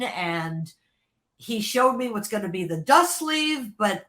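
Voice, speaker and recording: Here a woman, formerly a record label's creative executive, shares excited anecdotes during a podcast interview. Her mid-range voice moves slowly; she laughs a lot, restarts and repeats words, and shifts from near-whispers to loud bursts.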